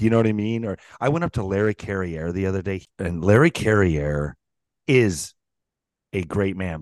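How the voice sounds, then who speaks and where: A middle-aged man with a very low voice spins animated stories in a casual podcast chat. He swears freely and acts out the quotes. The recording is dry and close. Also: no room sound. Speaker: podcast co-host, former pro hockey player.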